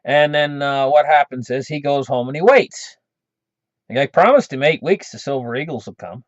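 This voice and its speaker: A man's voice: medium pitch, lively intonation, moderate pace, dry recording. A man casually telling a folksy, rambling cautionary story for his channel, chuckling often, in a dull lo-fi recording. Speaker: channel host.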